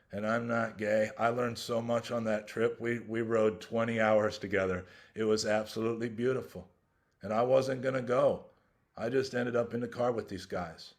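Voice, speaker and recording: Guy sharing his recovery story at a meeting, earnest, keeps restarting sentences. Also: on the low side. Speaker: invited speaker at a recovery workshop. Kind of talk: personal recovery share.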